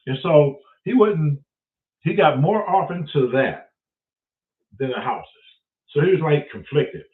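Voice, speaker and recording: A man's voice: a little high, a little slow. Profane man in his sixties, phone-tinny. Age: 60s. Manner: profane, animated, acts out both sides of conversations. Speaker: host. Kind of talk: casual storytelling.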